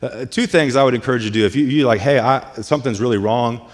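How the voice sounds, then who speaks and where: A man's voice: mid-range voice, quick pace. A man preaching a sermon as pastor, retelling scripture in a loose, conversational way full of "like" and "hey". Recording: long reverb of a large hall.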